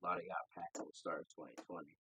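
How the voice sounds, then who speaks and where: A man in a casual late-night chat with friends, laid-back and quick with deadpan comebacks. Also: low-pitched, slight background noise.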